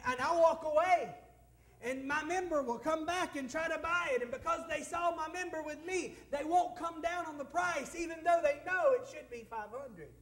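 A missionary pastor from the United States preaches a sermon testimony in a very high, fairly bright voice. He is emotional and tearful at times, calling out to the congregation for amens.

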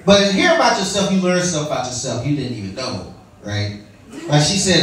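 Man, stand-up comic, AAVE, animated pitch, roomy distant sound, audience laughter. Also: fairly quick, crowd noise. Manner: loose, profane, swings up high for punchlines. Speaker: stand-up comedian. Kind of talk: live stand-up with crowd work. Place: small bar with a live audience.

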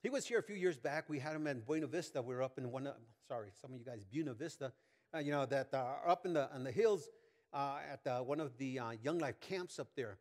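A man's voice: mid-range voice, quick pace. A man in his sixties preaching a sermon as pastor, folksy and rambling with many fillers and asides. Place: church sanctuary. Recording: long hall reverb.

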